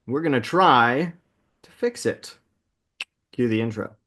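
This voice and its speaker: A man in his thirties co-hosting a casual movie podcast, upbeat and laughing often as he recaps the plot at a quick clip. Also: mid-range voice, expressive, fairly bright tone. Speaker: podcast co-host.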